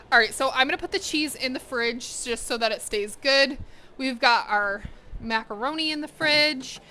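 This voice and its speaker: Young woman streaming from her kitchen, bright, slightly high voice, chatty, soft hum of the room behind. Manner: chatty, talks to chat and to her pets. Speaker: cooking streamer. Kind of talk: casual livestream chat while cooking. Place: home kitchen.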